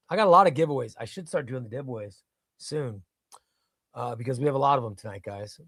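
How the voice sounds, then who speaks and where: A man's voice: mid-range voice, expressive, fairly quick. Chatty man hosting a live stream. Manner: chatty, rambling, repeats himself. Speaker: livestream host reading chat. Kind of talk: casual live chat.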